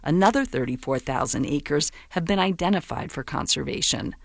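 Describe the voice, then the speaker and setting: Woman reporter, measured news read, gravelly edge, dry. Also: low voice, expressive, no echo.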